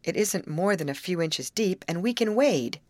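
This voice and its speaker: A woman reading aloud voices a gentle, earnest teenage girl who explains things carefully. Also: on the low side, lively intonation, normal speed, no room sound.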